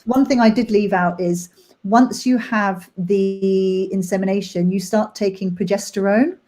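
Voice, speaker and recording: A young woman talking candidly and emotionally about a hard personal time, halting with many fillers. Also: medium pitch, steady tone, a little mellow. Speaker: nanny sharing her story.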